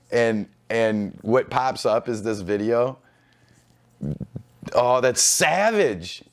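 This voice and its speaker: Guy reading forum posts out loud for a reaction vid, blunt and sweary, cuts in with his own takes, normal mid pitch. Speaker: online reaction video host. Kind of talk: casual commentary reading forum posts aloud.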